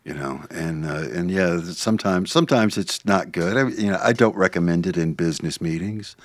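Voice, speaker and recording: A man's voice: deep voice, normal speed, no echo. A man co-hosting a podcast in casual chat, telling rambling anecdotes with frequent restarts. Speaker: podcast co-host.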